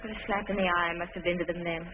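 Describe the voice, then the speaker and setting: An actress playing a shy, timid young wife in a 1940s film drama, hesitant and apologetic, often stammering. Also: female voice, on the low side, fairly even intonation, very fast, natural voice. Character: shy, timid young bride, unsure of herself. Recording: tinny old film soundtrack with hiss.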